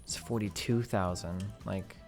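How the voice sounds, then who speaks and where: A man's voice: low voice, steady tone, a little slow, darkish tone, faint music behind. A man streaming live, reading an article aloud and questioning it as he thinks aloud, with many "like"s.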